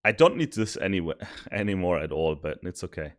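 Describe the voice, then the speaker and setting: A man streaming while he codes, thinking aloud, mocking his own mistakes and sometimes yelling happily. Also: low voice, brisk. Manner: thinks aloud, self-mocking, bursts of excited yelling and laughter. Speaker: streamer coding a simulation tool. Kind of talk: casual live coding commentary.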